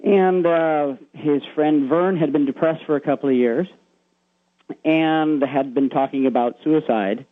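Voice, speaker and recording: A man phones in to a radio show and earnestly retells a story he heard, with plenty of "uh"s along the way. His voice sits a little high for a man. It comes through thin and tinny, like a phone line. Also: unhurried, dry recording. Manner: earnest, retelling a secondhand story with many fillers. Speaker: caller.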